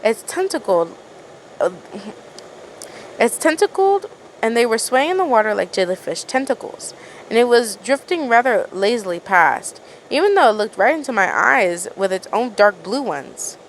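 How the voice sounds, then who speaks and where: A woman voicing a nervous captive woman from a fan story, telling her part in a halting, uneven way as she reads it aloud. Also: a little high, sing-song, slight background noise, poor audio. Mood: uneasy.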